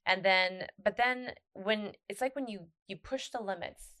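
A woman's voice: mid-range voice, measured pace, sharp tone. A woman co-hosting a podcast, talking in a loose, rambling way with many restarts. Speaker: podcast co-host. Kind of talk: casual chat.

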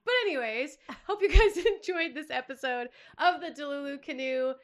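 A woman's voice: sits high, normal speed. A woman hosting a casual podcast, bubbly and giggly, rambling as she talks. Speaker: podcast host. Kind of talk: casual chat.

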